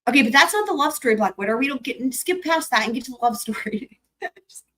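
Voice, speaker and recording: A young woman talks off the cuff to a livestream audience, ranging from low mutters to sudden high squeals. She rambles, laughs, and swears without a filter. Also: fast talker. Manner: animated, rambling, swears freely, laughs often. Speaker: livestream host. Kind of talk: casual livestream chat with viewers.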